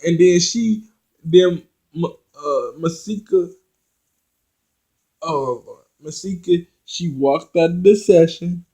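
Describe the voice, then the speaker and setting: A man with a fairly high voice talks his viewers through a reality show episode. He speaks slowly and loosely, addressing the audience directly and stumbling over restarts when a scene gets him going. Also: mellow, poor audio. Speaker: reality TV recap vlogger. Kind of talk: casual episode recap.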